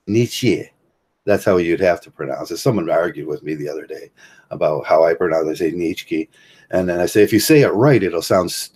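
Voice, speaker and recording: A man's voice: low-pitched, a little mellow, slightly rough. A man from Ohio with a Midwestern American accent, hosting a livestream and rambling through philosophy with many fillers and restarts. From Ohio, USA. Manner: halting, many fillers and restarts, chuckles often. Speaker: livestream host.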